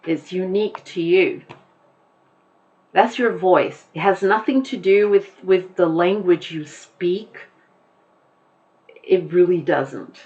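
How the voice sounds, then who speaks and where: A woman teacher talks her students through a lesson at a very unhurried pace, with a slightly low voice. She explains patiently and leans on examples. The recording sounds dull and lo-fi, as if made at home for an online class. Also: darkish tone. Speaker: English teacher.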